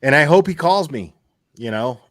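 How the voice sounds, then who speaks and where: A man's voice: a little high, expressive, normal speed, fairly bright tone, no room sound, clean studio sound. A man hosting a casual chat, venting heatedly and swearing often, repeating himself as he talks. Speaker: YouTube channel host.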